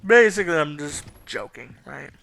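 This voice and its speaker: A man's voice: on the high side, lively intonation, normal speed, gravelly, sharp tone. A Southern man giving casual, rambling let's play commentary, swearing and laughing freely. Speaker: gaming YouTuber.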